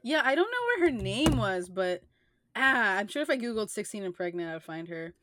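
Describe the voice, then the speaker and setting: A woman's voice: medium pitch, very animated, brisk, fairly bright tone, slight background noise. A young woman co-hosting a podcast, talking in a rambling way with many filler words. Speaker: podcast co-host. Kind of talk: casual chat.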